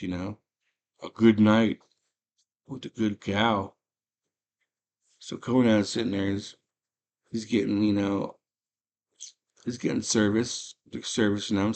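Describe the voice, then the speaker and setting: Man, low voice, casual slangy movie recap, animated storyteller. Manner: animated storytelling with loud put-on character voices; rough slangy street talk. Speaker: movie chat host.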